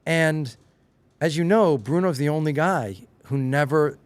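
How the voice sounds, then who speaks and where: A middle-aged man from Long Island with a slight Long Island accent, chatting casually as a podcast guest and telling stories with lively, acted-out quotes. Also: on the high side, measured pace, no room sound. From Long Island, New York. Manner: animated storyteller, acts out quotes with rising excitement. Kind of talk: casual chat.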